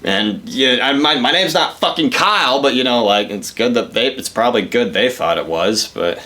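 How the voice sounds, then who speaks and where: A man's voice: medium pitch, lively intonation, moderate pace, sharp tone. A young man telling a rambling, profane story in a casual comedic way.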